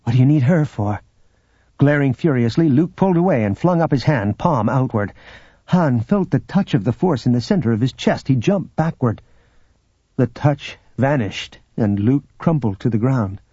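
A man narrates an audiobook in a measured, steady voice. His tone is dark and husky, and the recording sounds dry and a little dull. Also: medium pitch, no room sound. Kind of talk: scripted narration.

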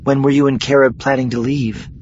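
Brief: earnest, tired princess done by a male narrator, soft sighing tone, faint hiss behind. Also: mid-range voice, level tone, a little fast, lo-fi sound, voice pushed up, close to an everyday voice. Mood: weary. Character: weary, resolute princess, adult woman. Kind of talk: audiobook character voice.

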